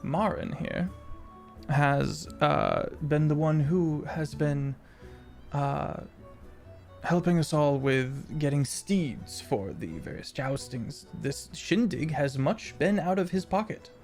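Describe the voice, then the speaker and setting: A man voicing a stately male lord who speaks in a measured, matter-of-fact way. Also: on the high side, animated, gravelly, a little mellow, faint music behind, exaggerated voice.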